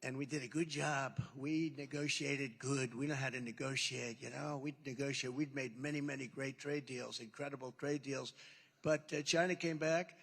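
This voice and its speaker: Husky and fairly bright, with vocal fry, this man's medium-pitched voice moves at a moderate pace with fairly even intonation. He's a political speaker at a rally, rambling and boasting off the cuff and repeating himself for emphasis into a podium microphone. The large indoor hall gives the amplified sound a long reverb.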